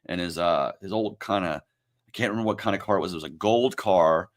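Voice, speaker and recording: A man turning forty, hosting his own livestream and talking in a reflective, halting, emotional way, with many pauses and fillers. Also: deep voice. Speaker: livestream host. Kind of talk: casual livestream talk.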